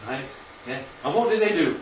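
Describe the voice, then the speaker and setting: A slightly high, animated male voice moves fairly quickly as he teaches an informal, slide-based Bible class, chatting and checking in with the room often. The hall sound is roomy, distant and muffled, with a little hiss or hum.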